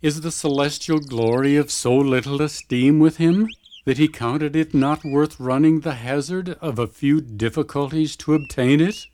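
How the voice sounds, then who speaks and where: A man's voice: a little high, darkish tone, close to an everyday voice. Goodwill, a grave gatekeeper played by a man. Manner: solemn, measured, old-fashioned formal speech. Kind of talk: radio drama acting in archaic English.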